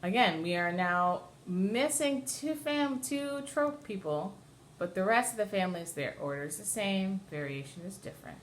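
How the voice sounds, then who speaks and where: A woman cantor leads a lesson on chanting, explaining each pattern patiently. Her voice sits at a middle pitch. A faint hiss runs under the recording. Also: animated, normal speed. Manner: explains patiently, then chants short sung examples. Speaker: cantor teaching Torah chanting. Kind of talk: class lesson with sung examples.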